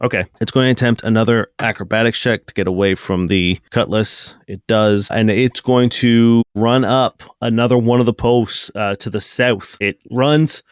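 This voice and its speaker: A man's voice: fairly low pitch, fairly even intonation, moderate pace, few pauses, clear, resonant tone, dry recording, clean studio sound. A man running a tabletop game as game master, narrating the action with many restarts and fillers. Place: home recording for an audio podcast.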